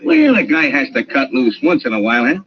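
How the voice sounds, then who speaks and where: An actor playing a smooth, evasive bar owner in a vintage radio drama, glad-handing at first and nervous when pressed. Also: male voice, mid-range voice, wildly swooping pitch, a little fast. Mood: friendly. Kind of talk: old-time radio drama acting. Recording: dull lo-fi old radio recording with hiss.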